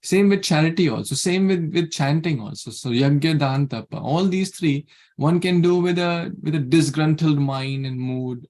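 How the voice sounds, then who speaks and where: A man's voice: fairly high pitch, moderate pace, a little mellow. A man leading an online scripture class. He speaks earnestly, keeps repeating his key words and chuckles now and then. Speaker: class leader.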